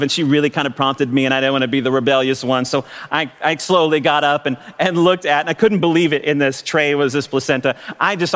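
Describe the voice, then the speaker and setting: A middle-aged man, a pastor, telling a story in a sermon, animated and laughing, with frequent restarts. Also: on the high side.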